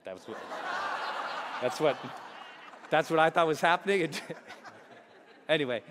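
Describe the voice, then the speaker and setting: A motivational speaker tells a personal story to a live audience in an echoey hall, animated and acting out scenes with big pitch jumps. He speaks a little slowly with frequent pauses, and a crowd can be heard in the background.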